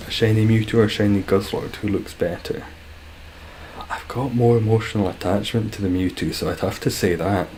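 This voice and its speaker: A man's voice: on the low side, fairly even intonation, moderate pace, a little mellow, a little hiss or hum. A young Scottish man streaming, chatting casually with viewers in a dry, joking way, swearing freely. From Scotland.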